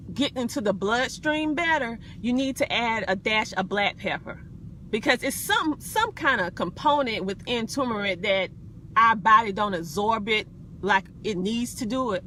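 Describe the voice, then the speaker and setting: A woman's voice: a little high, pushed and bright, slight background noise. Chatty Southern woman live from her car. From South Carolina, USA. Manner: chatty, folksy, frequent ums and giggles. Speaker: wellness vlogger. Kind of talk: casual live video chat. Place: inside a parked car.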